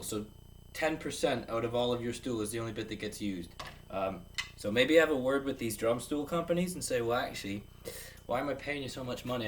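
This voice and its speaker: A man teaches drums in a loose, jokey way and counts beats aloud. He sounds set back from the microphone, and a clear hiss of background noise runs under his voice. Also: medium pitch, distant mic. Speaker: drum teacher. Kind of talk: casual video lesson.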